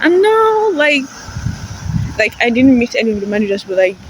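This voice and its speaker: A woman's voice: on the high side, sing-song, moderate pace, rough recording. A young woman vlogging to her phone outdoors on a busy street, chatty and rambling and laughing often. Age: young adult. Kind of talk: casual vlog talk to camera. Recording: loud traffic noise outdoors.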